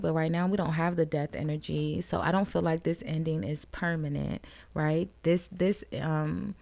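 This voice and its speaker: A woman's voice: low voice, creaky, warm tone. A woman giving a casual tarot card reading to her viewers. She is chatty, laughs often, and calls the viewer "friend.". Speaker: tarot reader.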